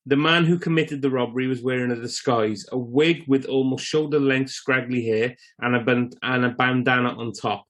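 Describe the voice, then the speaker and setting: Relaxed man steering a podcast. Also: medium pitch, normal speed, hardly any pauses. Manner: relaxed, steers the show along. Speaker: podcast co-host. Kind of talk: casual film podcast chat.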